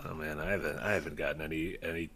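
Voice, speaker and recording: A man's voice: a bass voice, steady tone, rapid-fire, fairly bright tone, slightly rough. A man co-hosting a casual gaming podcast, joking around and reading out viewer donations. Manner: jokey, reads out viewer donations. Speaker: co-host.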